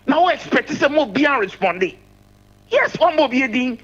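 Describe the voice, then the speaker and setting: A man's voice: extremely high pitch, sing-song, moderate pace, fairly bright tone, muffled recording. A man calling in to a radio show, talking politics emphatically and repeating his points. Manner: emphatic, repeats key phrases. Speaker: caller. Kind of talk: political call-in commentary.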